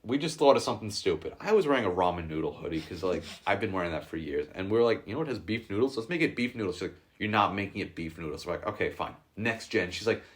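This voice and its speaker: Young man telling rowdy stories, lively pitch. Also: quick pace, hardly any pauses. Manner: loose, profane storytelling with bursts of laughter. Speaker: podcast co-host. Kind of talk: casual chat.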